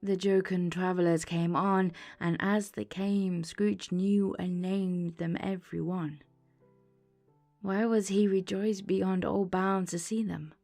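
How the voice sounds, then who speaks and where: A woman narrating a classic tale as a bedtime audiobook in a calm, measured reading voice. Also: lowish voice. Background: soft ambient music.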